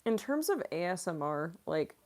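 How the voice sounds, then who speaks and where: A woman's voice: lowish voice, very animated, moderate pace, a little mellow, soft background music. A young woman voice actress chatting casually on a livestream Q&A, rambling with lots of fillers and frequent giggles. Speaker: voice actress streamer.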